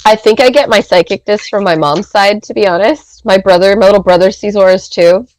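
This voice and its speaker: A woman in her thirties, a podcast guest, telling a personal story in a rambling, animated way, with many filler words. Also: mid-range voice, a little fast, no echo, low-quality recording. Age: 30s. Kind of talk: casual storytelling.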